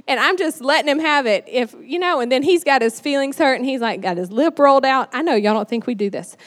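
Woman, lively sermon talk, higher voice, long hall echo. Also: brisk. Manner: chatty and animated, many "like"s and "you know"s. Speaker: church speaker. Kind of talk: conversational sermon.

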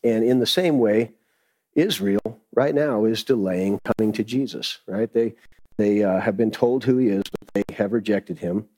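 Low-voiced man teaching the Bible. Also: normal speed, warm tone, poor audio. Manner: reads scripture aloud, then explains it in loose everyday talk. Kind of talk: conversational sermon.

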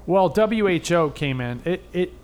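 A man's voice: high voice, expressive, unhurried, darkish tone, slight background noise. A man from the Boston area, co-hosting a podcast in a chatty, rambling way, often stopping himself mid-sentence to explain things. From Boston area, USA. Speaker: podcast co-host. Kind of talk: casual podcast chat.

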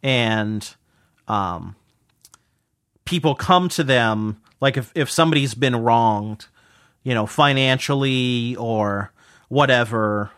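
A podcast co-host chats casually in a laid-back, hesitant way, with lots of fillers. His voice sits in the mid range, slow, fairly bright and clean, recorded in a clean studio with no room sound.

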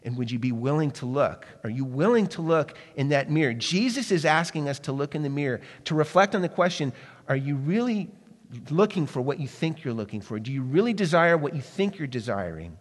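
A man's voice: a little high, lively intonation, brisk, long reverb tail. A man preaching a sermon, asking the listeners questions and sometimes dropping his voice to a near-whisper. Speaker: pastor.

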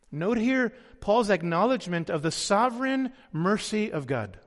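A man's voice: high voice, very animated, normal speed, hardly any pauses. A male pastor preaching a sermon, emphatic and often asking his audience questions. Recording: long hall reverb.

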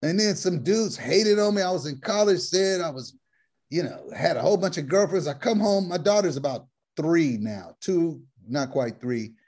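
A man's voice: a little high, lively intonation, moderate pace, a little mellow. A man telling a long personal story in casual slang, laughing at his own punchlines as he goes. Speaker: guest comedian telling a life story.

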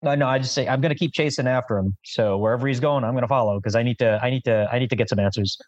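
A man's voice: medium pitch, very fast, no room sound, muffled recording. A man with a mid-range voice plays a tabletop game, thinking aloud and often restarting his sentences. His talk is casual and hesitant. The recording is dry and close to the mic. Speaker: player.

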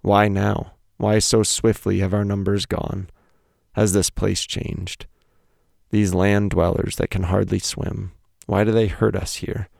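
Grieving sea creatures in a spoken poem, voiced by a very deep, rough-voiced man, slow and pleading. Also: flat delivery, a little mellow, no room sound, studio quality, exaggerated voice. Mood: bewildered. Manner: slow, bewildered pleading questions. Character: troubled fish in polluted seas.

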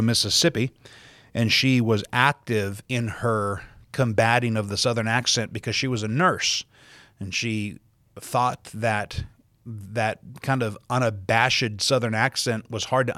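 A man's voice: mid-range voice, fairly bright tone, no echo, studio quality. A man from South Dakota preaching a podcast sermon as a pastor, stressing key words by repeating them and reading scripture aloud in old-fashioned wording. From South Dakota, USA.

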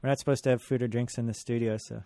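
A man's voice: mid-range voice, little pitch movement, rapid-fire, creaky, dark tone, no room sound. A man hosting a radio show, chatting casually in a studio, joking and laughing easily.

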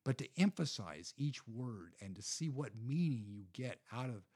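A man with a slightly husky voice explains practical spiritual habits in a relaxed, conversational way. He repeats words and restarts often while he works through his points. His pitch sits in an ordinary middle range. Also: normal speed. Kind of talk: casual conversational teaching.

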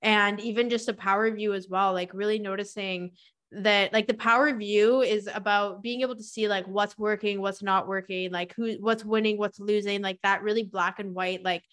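A woman speaks as a podcast guest, explaining her ideas fluidly and with clear enthusiasm. Her tone is casual and conversational. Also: medium pitch, steady tone, normal speed, a bit bright. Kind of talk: casual interview chat.

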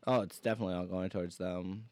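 A man from Wisconsin trades deadpan, absurd quips as a podcast co-host. His voice sits somewhat low. The sound is dry and close. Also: quick pace, no echo. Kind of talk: casual banter.

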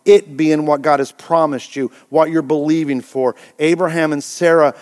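A male pastor preaching a sermon with energy and folksy asides, his voice climbing toward near shouts. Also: a little high, steady tone, moderate pace. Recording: long church hall reverb.

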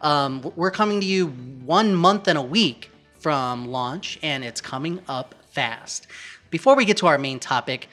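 A man's voice: a little high, expressive, measured pace, fairly bright tone, faint music behind. A man hosting a gaming podcast, opening with playful hype-building announcer flair, then chatting casually. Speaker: podcast host.

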